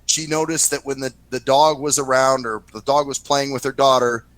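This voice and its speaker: A man hosting a casual talk show, telling a story in a profane, lively way and acting out what others said. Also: medium pitch, normal speed, no echo, rough recording. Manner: profane, animated anecdote-telling, acts out quoted voices. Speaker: podcast host.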